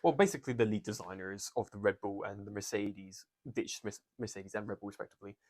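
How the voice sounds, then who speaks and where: A man's voice: fairly low pitch, fast talker, darkish tone. A man co-hosting a podcast in casual chat, recapping with jokes and plenty of swearing. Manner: swearing, jokey, rambling recap. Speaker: podcast co-host.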